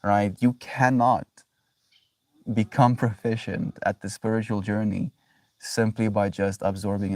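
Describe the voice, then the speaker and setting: A man's voice: lowish voice, gravelly, darkish tone, dry recording, recorded from a distance. A man on a casual livestream, musing about spirituality in a reflective, affectionate way, often checking in with "right?". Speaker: daily livestreamer.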